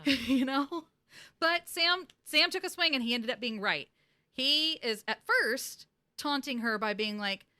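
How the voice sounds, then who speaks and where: A woman podcast host recapping a TV episode in casual chat, animated, laughing often and slipping into impressions. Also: sits high, measured pace.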